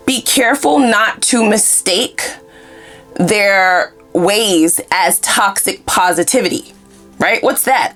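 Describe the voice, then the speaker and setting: A woman gives a tarot reading in a blunt, casual and foul-mouthed way. Her voice is lively and swoops widely in pitch, and faint music sits behind her. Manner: blunt, profane and animated. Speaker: tarot reader.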